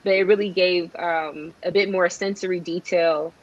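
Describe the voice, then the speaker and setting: A woman's voice: on the low side, fairly even intonation, moderate pace, highs cut off. A young woman co-hosting a news discussion, earnest and hesitant, with many "um"s and "like"s. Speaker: co-host.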